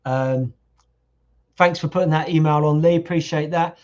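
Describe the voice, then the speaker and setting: A middle-aged man hosts a casual live stream, joking and teasing as he answers viewers. His voice sits fairly high for a man and is wearing a little hoarse. The sound is dull and lo-fi. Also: fairly even intonation, moderate pace, a little mellow. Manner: jokey, teasing, chatty. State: voice going hoarse. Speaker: livestream host reading viewer comments. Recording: lo-fi livestream audio.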